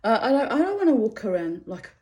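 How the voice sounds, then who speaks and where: A woman's voice: on the high side, big pitch swings, fast talker, mellow. Chatty, laughing middle-aged woman. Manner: chatty, self-mocking, bursts into laughter. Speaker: vlogger. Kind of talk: rambling personal monologue.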